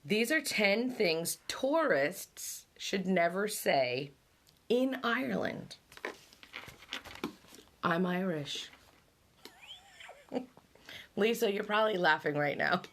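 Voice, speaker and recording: A middle-aged vlog host from an island reads out facts and reacts with laughter, musing aloud as she goes. Her mid-range, slightly bright voice swings widely in pitch, moving slowly with long pauses, and there's a little hiss or hum.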